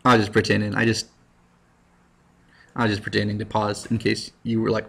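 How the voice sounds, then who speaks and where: A man, a high school history teacher, giving a casual recorded lecture with jokey, self-mocking asides. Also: completely flat delivery, brisk, creaky, a bit bright, slightly rough.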